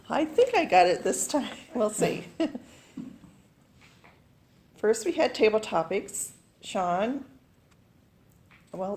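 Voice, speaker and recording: A woman reads out the timings at a club meeting in an unhurried, mellow voice. She chuckles lightly between items. She speaks from a club meeting room. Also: lowish voice, vocal fry, a little hiss or hum. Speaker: meeting timer. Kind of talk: reading a timing report.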